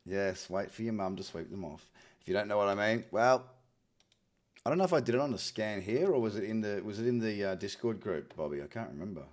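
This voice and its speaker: This Australian host of a live trading stream has a lowish voice and talks a little fast. Upbeat and chatty, he goes through charts live, responds to viewers, and frequently repeats himself.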